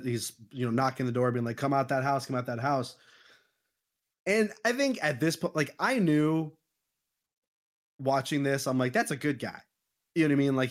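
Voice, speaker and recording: A man's voice: medium pitch, brisk. Give me a casual man recapping a horror film, swearing freely. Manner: animated retelling with crude slang. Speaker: podcast host. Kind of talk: casual movie review chat.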